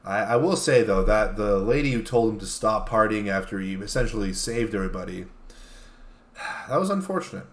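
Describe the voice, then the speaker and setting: A man co-hosting a casual chat show, dry and deadpan, halting now and then. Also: on the low side. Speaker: co-host.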